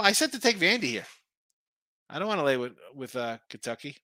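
High, bright-voiced betting show host. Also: male voice, sing-song, a little fast, no room sound. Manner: rambling, opinionated, with frequent restarts. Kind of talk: casual sports betting talk.

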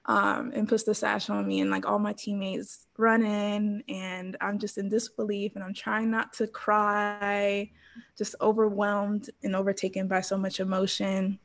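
A woman in her thirties telling a personal story as an interview guest, animated, laughing often and acting out quotes. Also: medium pitch, unhurried, creaky. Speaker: interview guest, former pro cheerleader.

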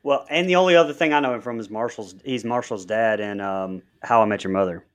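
A man co-hosting a podcast, chiming in casually with quick movie trivia and jokes. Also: fairly low pitch. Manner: quick trivia asides, joking. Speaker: podcast co-host.

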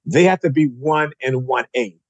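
A man's voice: mid-range voice, normal speed, dry recording, rough recording. A middle-aged man co-hosting a casual sports podcast, giving emphatic, opinionated takes. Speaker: podcast co-host, basketball writer.

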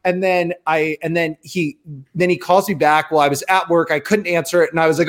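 A man in his thirties co-hosting a podcast, telling a story in rambling, excitable casual chat full of fillers. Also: on the high side, brisk. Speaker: podcast co-host.

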